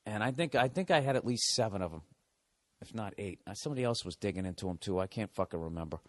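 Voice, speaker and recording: A man's voice: lowish voice, lively intonation, fast talker. Brief: a male comedy podcast host, profane and sarcastic, ranting through a story.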